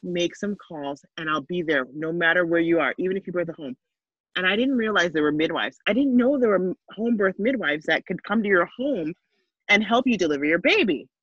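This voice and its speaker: Earnest low-voiced woman telling her story. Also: animated, a little fast, no room sound, highs cut off. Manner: earnest, emotional storytelling with many asides and restarts. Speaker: interview guest, mother of five. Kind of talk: personal story in conversation.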